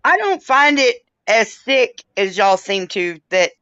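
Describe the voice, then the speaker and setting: A woman's voice: a little high, sing-song, slow, a bit bright, clear, resonant tone, no room sound. A plain-spoken woman chats casually on a livestream, swearing without a second thought and laughing often. Her voice comes through a dull, dry, lo-fi stream mic. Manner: blunt, profane, laughs easily. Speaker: livestream host.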